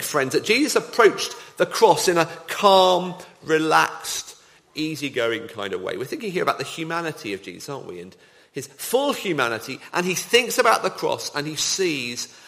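Animated man preaching a sermon. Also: a little high. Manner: dramatic, varied emphasis, rhetorical questions.

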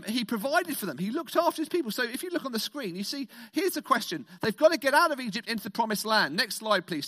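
A man from Britain preaching to an all-age congregation in an animated, playful way. His voice sits high and swings widely in pitch. He draws the congregation into call-and-response.

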